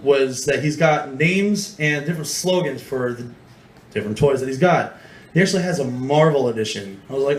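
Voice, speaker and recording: A man's voice: medium pitch, a little hiss or hum. A young man doing nervous, rambling stand-up comedy at an open mic, acting out voices in his stories. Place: small club open mic, live room. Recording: echoey room with faint ambience.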